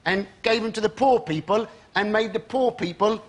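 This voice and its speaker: A man's voice: sits high, moderate pace. A man on a comedy panel show, telling wry, rambling jokes.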